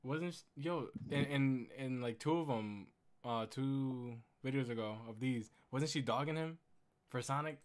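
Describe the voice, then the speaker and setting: A man's voice: medium pitch, a little slow. A man casually reacting to a comedy video, hyped and swearing. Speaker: reaction viewer.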